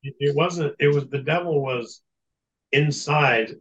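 A man with a somewhat high, slightly bright voice speaks a little slowly, and the highs in the recording are cut off. He's a guest in an interview, earnestly and matter-of-factly telling a long story about an exorcism he experienced.

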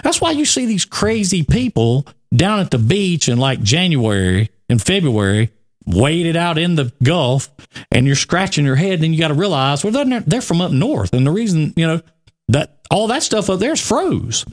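A Southern man in his forties chatting casually as a co-host, telling animated stories full of fillers. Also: fairly high pitch, moderate pace. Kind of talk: casual chat.

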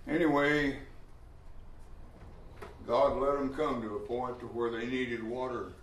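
A man preaches a Bible study in a plain, folksy way, and he gets loud and emphatic when he acts out the people in the story. His voice sits at an ordinary middle pitch. The room around him is echoey, with a faint hum of ambience. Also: fairly even intonation, slow.

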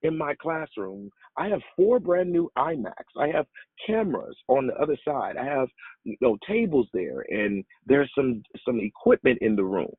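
Husky preacher guy, lively pitch, swings way up on his points, sounds like a phone line. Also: normal speed, no echo. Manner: animated, jumps high in pitch for emphasis. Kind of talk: sermon with personal story. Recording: tinny phone-like recording.

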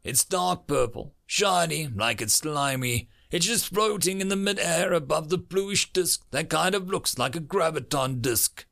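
A man's voice: on the high side, a little slow, creaky, few pauses, pushed and bright, pitched above the performer's own voice, heavily acted. A man voicing a wounded military major who gives strained, urgent orders.

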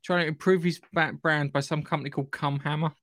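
A man's voice: a little high, fairly even intonation, fast, a bit bright, dry recording. A man co-hosting a podcast, chatting and joking casually, often trailing off mid-sentence. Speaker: podcast co-host. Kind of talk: casual chat.

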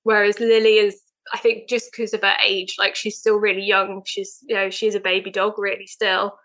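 Bright, chatty young woman. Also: medium pitch, flat delivery, normal speed, rough recording. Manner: chatty and eager, many fillers. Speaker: guest, veterinary nurse. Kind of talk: casual podcast chat.

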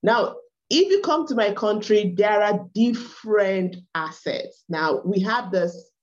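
A woman's voice: medium pitch, animated, slow, darkish tone. A woman from Nigeria with an Igbo accent, a guest in an interview, speaking emphatically and proudly and repeating words for stress. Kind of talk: conversational interview. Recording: dull lo-fi audio.

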